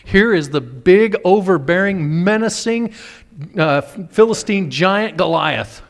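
A man's voice: a little high, animated, a little slow. A man preaching a sermon as a pastor, fervent and dramatic, acting out the voices he quotes. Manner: fervent, acts out quoted voices with big swings. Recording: long reverb of a large hall.

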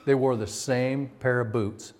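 Middle-aged man, pastor, sermon delivery; mid-range voice, emphatic builds, quiet asides. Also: mid-range voice, steady tone, measured pace. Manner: emphatic, swinging from raised intensity to quiet confiding.

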